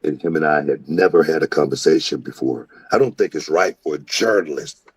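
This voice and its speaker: A man's voice: a bass voice, brisk, slightly rough, no room sound. A man hosting a podcast, casually telling a long story, rambling and repeating phrases. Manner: rambling, repeats phrases, slips into quoted voices.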